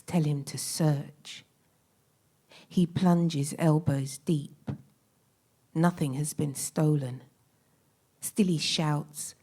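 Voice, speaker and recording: Woman poet, deep unhurried delivery, measured emphatic recitation. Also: mellow. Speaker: poet reading her entry. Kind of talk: poetry reading.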